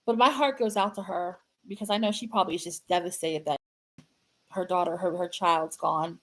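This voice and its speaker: A woman hosting her own fan channel, chatting casually and sadly to viewers, halting and repeating herself with many fillers. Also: lowish voice, fairly even intonation, low-quality recording. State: sad, grieving. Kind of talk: casual livestream chat to viewers.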